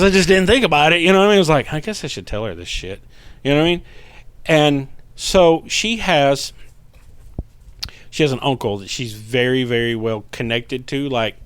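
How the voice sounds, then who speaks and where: A middle-aged man telling a story in a casual podcast chat, animated and profane, acting out the voices of the people in it. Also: mid-range voice, a little hiss or hum. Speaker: podcast guest, paranormal investigator.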